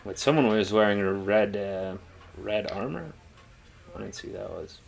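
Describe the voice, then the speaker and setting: Gravelly low-voiced man chatting casually. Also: moderate pace. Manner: rambling, laid-back, filler-heavy. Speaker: co-host of a reaction show. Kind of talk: casual chat.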